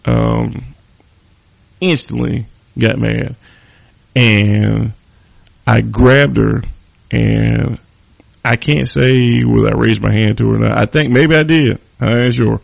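A man's voice: mid-range voice, creaky, no room sound. A man hosting a podcast, telling a personal story casually with loose, profane talk and lots of fillers. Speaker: podcast host. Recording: dry close studio sound.

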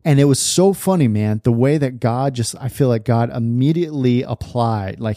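A man in his thirties talks casually on his podcast, a chatty host who laughs often. His voice is mellow and warm. The recording is dry and close. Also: mid-range voice, dry recording.

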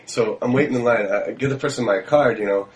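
Fast-talking man telling a rambling story. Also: medium pitch, a little hiss or hum. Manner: rambling, animated, with many fillers. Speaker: podcast co-host. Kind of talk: casual storytelling chat.

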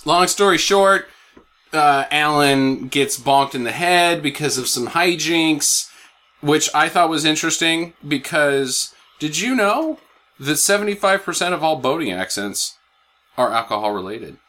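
Bright-voiced young man recapping a movie. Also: expressive, unhurried. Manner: sarcastic, rambling, swears, voice jumps high when worked up. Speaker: podcast host. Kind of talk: casual movie recap chat.

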